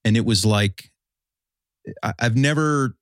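A man's voice: medium pitch, takes it slowly, fairly bright tone, no echo, clean studio sound. A man telling a long hunting story in casual chat, rambling and full of fillers.

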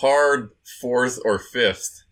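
A man co-hosting a podcast in casual chat, measured and thoughtful. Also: mid-range voice, a bit bright. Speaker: podcast co-host.

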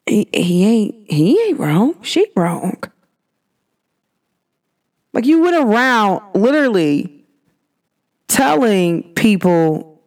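Podcast host, young woman, emphatic and lively, higher voice, pointed rhetorical questions. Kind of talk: casual monologue.

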